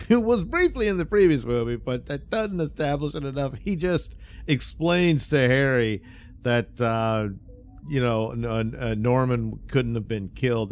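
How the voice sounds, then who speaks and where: A man's voice: medium pitch, a little hiss or hum. A man giving a casual, rambling film review, full of fillers, chuckles and sarcastic asides. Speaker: movie reviewer.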